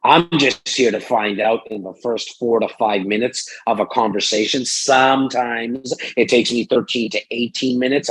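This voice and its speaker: Husky, animated man full of fillers. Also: medium pitch, rough recording. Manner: rambling, animated, many fillers. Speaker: real estate broker and sales strategist. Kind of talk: casual podcast interview. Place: Toronto, Canada.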